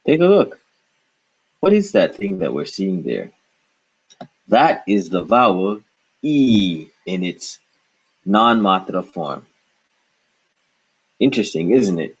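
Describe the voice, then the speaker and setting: Slow, patient, husky male teacher. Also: fairly low pitch. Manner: slow, patient, repeats syllables aloud. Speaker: language teacher. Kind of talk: recorded lesson on reading. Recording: dull lo-fi recording.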